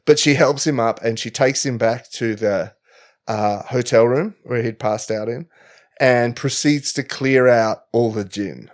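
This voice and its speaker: A man's voice: mid-range voice, measured pace. A man co-hosting a comedy podcast, retelling a story in a rambling, jokey way full of fillers and restarts. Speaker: podcast co-host. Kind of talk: comic storytelling chat.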